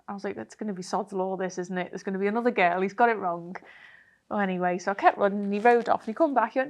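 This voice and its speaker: A woman, a triathlete guest telling a race story in a chatty, animated way full of fillers. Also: mid-range voice, quick pace. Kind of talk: casual interview storytelling.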